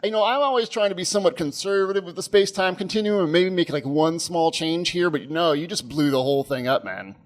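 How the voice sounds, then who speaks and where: A man in his thirties, a podcast co-host, telling a rambling, animated story with frequent laughs. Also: fairly high pitch, fast talker, hardly any pauses. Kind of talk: casual storytelling chat.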